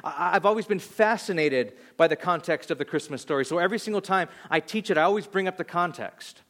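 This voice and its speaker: High-voiced pastor telling a story. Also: male voice. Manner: storytelling, animated and self-deprecating; halting restarts when reflective. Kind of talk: sermon.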